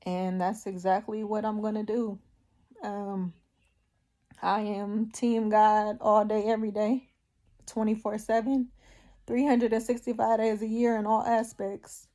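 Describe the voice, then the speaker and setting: Slow, tearful woman sharing her faith. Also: medium pitch, flat delivery, dark tone. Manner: slow, emotional, halting, with pauses. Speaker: vlogger giving testimony. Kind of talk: personal faith testimony.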